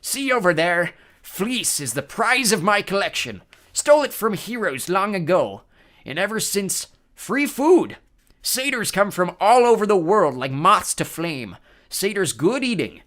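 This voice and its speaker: A man's voice: sits high, big pitch swings, a little slow, a bit bright, voice pushed up, exaggerated voice. A man voicing a huge boastful male cyclops who growls and talks in broken grammar. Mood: gloating, boastful. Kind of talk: audiobook character voice.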